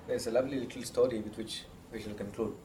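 A man's voice: medium pitch, fairly even intonation, noisy background. Man giving a meditation talk in an echoey hall. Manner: measured, storytelling, asks listeners "yes?". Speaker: spiritual teacher. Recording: roomy echo.

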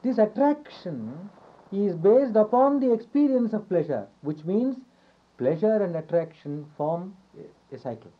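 A man giving a yoga philosophy lecture, repeating his phrases, asking rhetorical questions and chuckling softly now and then. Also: high voice, lively intonation, measured pace. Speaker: yoga teacher. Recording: dull lo-fi recording.

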